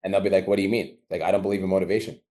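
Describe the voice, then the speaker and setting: A man's voice: low voice, little pitch movement, racing, dark tone. A man running a coaching call, blunt and profane, acting out little exchanges as he talks. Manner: blunt, profane, acts out dialogue. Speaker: business coach.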